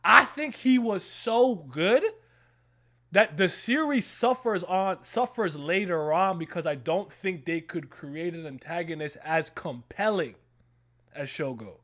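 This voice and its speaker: A young man talks on a casual stream in a high, bright, pushing voice. He gets hyped quickly, swears freely and breaks into laughter between his points. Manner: excitable, loud bursts, laughs often, swears freely. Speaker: stream co-host.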